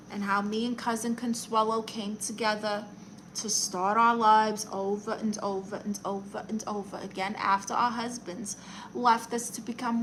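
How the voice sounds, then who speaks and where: A woman's voice: fairly high pitch, a bit bright, slight background noise. A woman playing a brash, blunt middle-aged aunt who calls herself a therapist, chatting on a live stream while she colors and reads the chat. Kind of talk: improvised character comedy live stream.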